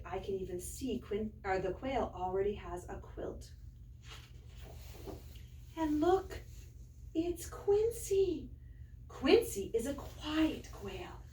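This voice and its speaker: Reading a picture book aloud to young kids, a teacher with a mid-range, slightly mellow voice uses a slow, sing-song delivery before showing how to write a letter. The mic is far off and the room sounds spacious.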